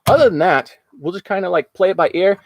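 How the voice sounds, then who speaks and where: A man's voice: sits high, animated, quick pace, muffled recording. A man hosting a casual live-stream auction, talking in an upbeat, rambling way with lots of fillers. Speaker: livestream auction host. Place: outdoors at home after rain.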